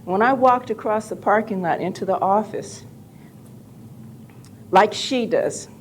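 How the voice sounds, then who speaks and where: An older woman on a live convention panel, telling animated, joking stories with some profanity. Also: mid-range voice, a little slow, slight background noise. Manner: animated, jokey, profane anecdotes.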